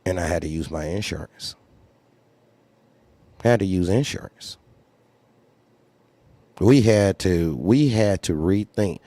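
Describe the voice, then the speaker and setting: This man runs a trucking company and tells a candid story bluntly and profanely, repeating phrases for emphasis and acting out other people's lines in a raised voice. He speaks low and slow with frequent pauses, in a mellow tone, and there's no room sound.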